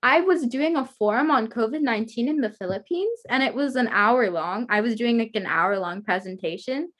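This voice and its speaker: A woman with a high, bright-toned voice hosts a casual interview over a video call. She talks in a chatty, rambling way and giggles often. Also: animated, normal speed. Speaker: guest host interviewer. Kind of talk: casual chat.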